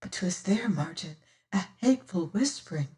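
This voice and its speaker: A woman voicing a timid, hushed young lady. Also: on the low side, lively intonation, normal speed, distant mic, natural voice. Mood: frightened. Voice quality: soft and hushed. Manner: timid, pleading. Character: frightened, gentle young noblewoman.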